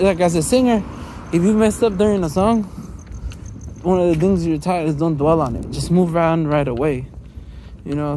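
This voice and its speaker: A man's voice: on the high side, background noise. A man walking through his neighborhood, talking in a loose, rambling vlog monologue, laughing often. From Los Angeles area. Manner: chatty, laughs often, many fillers. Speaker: vlogger.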